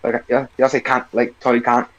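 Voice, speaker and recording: A man's voice: medium pitch, monotone, brisk, dull audio. A man from the United States co-hosting a podcast, brash and joking with plenty of profanity. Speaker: podcast co-host. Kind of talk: casual chat.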